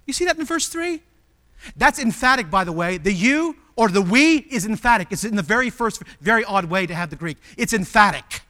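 A man preaching a sermon as pastor, emphatic and full of rhetorical questions, swinging between loud declarations and hushed, intimate passages. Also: sits high, lively intonation, fairly quick, hardly any pauses.

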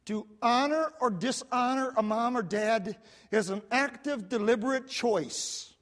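A man preaching a sermon, telling the story with lively repetition and quick asides, recorded in a church sanctuary. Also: very high voice. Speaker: pastor. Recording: long hall reverb.

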